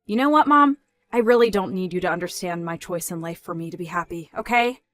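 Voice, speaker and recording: A woman voicing a calm young working woman who answers in a measured, polite but firm way in a dramatized story. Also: lowish voice, dry recording, soft background music, pitched below the performer's own voice, close to an everyday voice.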